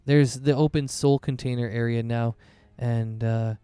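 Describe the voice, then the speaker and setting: A man acting as game master, narrating a tabletop session in a loose, chatty way. His voice is mellow and smooth, recorded dry and close, with faint music under it. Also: medium pitch, steady tone, measured pace, dry recording.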